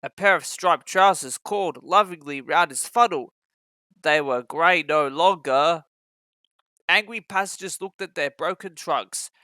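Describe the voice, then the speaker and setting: Bright-voiced man reading a storybook. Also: on the high side, unhurried, clean tone, no room sound. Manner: expressive, acting out every character. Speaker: narrator. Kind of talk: reading a children's storybook aloud.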